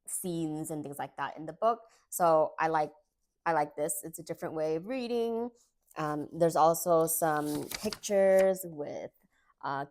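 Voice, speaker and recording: A woman's voice: deep voice, darkish tone. A woman chatting casually to camera as she reviews books, gushing and full of fillers. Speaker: book reviewer. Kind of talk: casual book review vlog.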